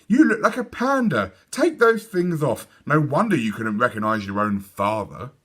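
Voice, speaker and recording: A man voicing a busy, brisk mother in a storybook reading, with a higher, scolding tone. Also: big pitch swings, a bit bright, husky.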